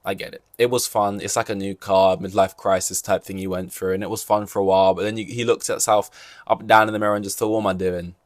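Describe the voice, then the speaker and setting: A man's voice: on the low side, flat delivery, fast, no room sound, clean studio sound. A man hosting a solo podcast, rambling and joking through casual chat with many fillers and restarts. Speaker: podcast host.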